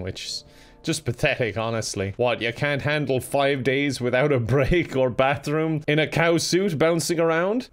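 A young man giving comedic, sarcastic commentary while playing a video game, often breaking into laughter. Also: on the high side. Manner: sarcastic, giggly, mock-outraged. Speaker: gaming YouTuber. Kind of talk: comedic let's-play commentary.

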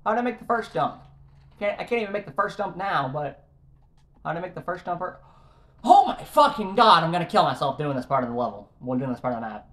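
A man's voice: a little high, animated, quick pace, a bit bright. A young man commentating his own gameplay, frustrated and swearing at the game as he keeps failing jumps. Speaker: gaming YouTuber. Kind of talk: let's play commentary.

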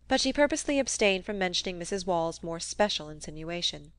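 A woman's voice: lowish voice, animated, a little fast, fairly bright tone, no room sound. Woman reading a classic novel aloud. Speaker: audiobook reader. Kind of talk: scripted narration.

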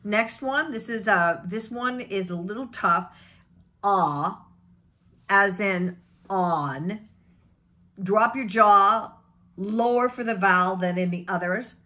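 A woman coaches vowel sounds in an unhurried, measured way. Her voice is bright and crisp, and she stretches each example word out slowly. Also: medium pitch. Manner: demonstrates vowel sounds with slow drawn-out example words. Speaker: voice and accent coach. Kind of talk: vowel pronunciation lesson.

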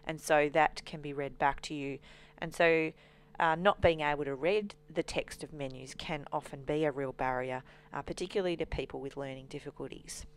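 A woman walking through a software demonstration as a trainer, explaining steadily with frequent ums. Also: sits low, steady tone, moderate pace, smooth.

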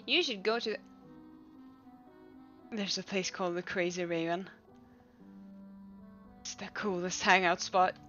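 Sulky grumbling teenager, read by a woman, slow, bright voice, faint music. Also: fairly low pitch, muffled recording. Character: moody bored teenager. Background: faint game music.

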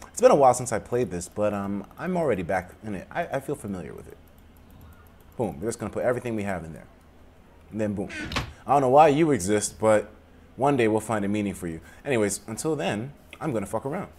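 A man casually commentating a game, rambling and swearing, sometimes bursting into loud laughter. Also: mid-range voice, a little hiss or hum. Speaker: gaming commentator. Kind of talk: casual let's-play commentary. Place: room at home with windows open.

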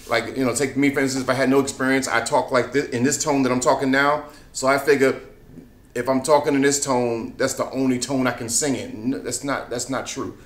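A man giving a casual singing lesson, chatting with easy laughs and often asking "you know what I mean?". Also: medium pitch. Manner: laughs between points. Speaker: singing teacher. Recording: echoey room.

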